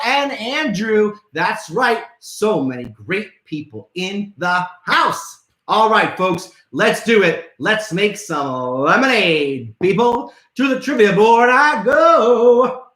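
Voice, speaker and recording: Brief: man hosting a kids' show, bright forceful voice, swoops up and down, echoey room. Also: sits high. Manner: playful, theatrical, calls out to viewers. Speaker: kids' trivia show host. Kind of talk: upbeat live show for children.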